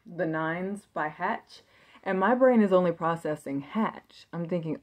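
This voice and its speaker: A woman's voice: lowish voice, unhurried. A woman chatting casually as she shows thrifted clothes she plans to resell, upbeat and thinking aloud with plenty of fillers. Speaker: thrift reseller showing a haul. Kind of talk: casual haul video chat.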